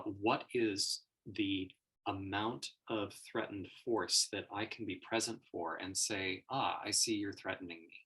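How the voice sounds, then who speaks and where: A man's voice: fairly low pitch, fairly bright tone, slightly rough. A man giving a reflective livestream monologue as a personal growth teacher, searching for words and laughing often.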